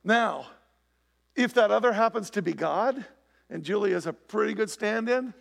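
A man preaches to a congregation, his voice slightly high and gravelly. He talks conversationally and keeps asking the room rhetorical questions. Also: expressive, moderate pace. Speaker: pastor. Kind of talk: sermon. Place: church, before a live congregation.

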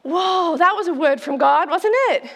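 Her voice is very high and a bit bright, unhurried as this forties-aged pastor preaches playfully and conversationally. She laughs often, and the church auditorium adds a long, hall-like reverb.

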